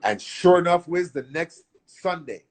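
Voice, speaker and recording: A middle-aged man from Canada, telling stories as a guest in a casual interview, animated and profane, acting out what others said. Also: on the high side, a little slow. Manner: animated, profane storyteller who acts out quotes. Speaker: guest artist.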